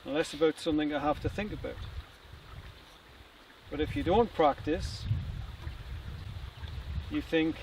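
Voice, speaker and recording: Guy musing outside, slightly high voice, short spaced phrases, far off mic by a stream. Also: measured pace, long pauses, a little mellow. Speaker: author and archer. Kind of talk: casual outdoor talk on fear of change. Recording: distant outdoor recording with noise.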